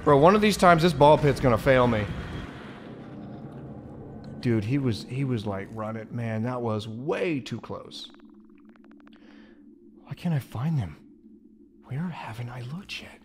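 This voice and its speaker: A young man giving excitable, swear-filled let's play commentary on a horror game, yelping and shouting at scares. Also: medium pitch, unhurried, long pauses, background noise. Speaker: gamer.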